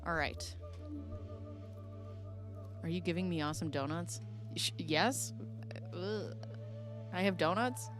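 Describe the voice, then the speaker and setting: A woman's voice: lowish voice, slow, pauses often, over music. A woman hosting a casual reaction commentary, goofy and giggly, rambling as she reads through documents. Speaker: host.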